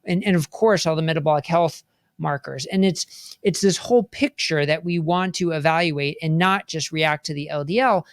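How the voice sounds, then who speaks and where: A man's voice: fairly high pitch, moderate pace, no echo, clean studio sound. A man who is a cardiologist, speaking as a guest on a podcast and explaining earnestly. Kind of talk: interview explanation.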